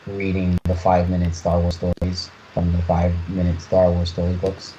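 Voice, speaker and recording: A man's voice: low-pitched, monotone, warm tone. A man in his thirties co-hosting a podcast, chatting casually and hesitantly with many restarts. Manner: halting, many restarts and fillers. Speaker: podcast co-host. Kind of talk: casual chat. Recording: muffled lo-fi audio with faint noise.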